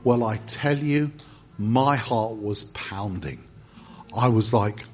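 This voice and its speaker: A man's voice: mid-range voice, animated, unhurried, slightly rough. A middle-aged English man preaching in a church, telling a personal story with self-deprecating humor and frequent restarts. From England. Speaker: guest preacher. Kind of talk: storytelling sermon.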